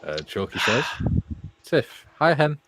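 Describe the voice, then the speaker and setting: An older Welsh man co-hosts a casual livestream, jokily reading viewer comments aloud and laughing often. His medium-pitched voice is very animated, a bit bright and slightly rough, and he takes his time.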